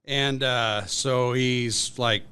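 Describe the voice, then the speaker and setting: A man's voice: mid-range voice, steady tone, drawn-out words, sharp tone, clear, resonant tone. A man who is a guest on a podcast, telling workplace stories in a rambling, casual way with lots of fillers. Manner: rambling anecdotal storytelling with many fillers. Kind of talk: casual storytelling.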